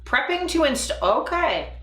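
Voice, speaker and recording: A woman's voice: high-pitched, big pitch swings, unhurried, fairly bright tone. Rambling, giggly young woman streamer. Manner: rambling, profane, giggly storytelling. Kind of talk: casual live-stream chat. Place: home room. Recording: echoey room.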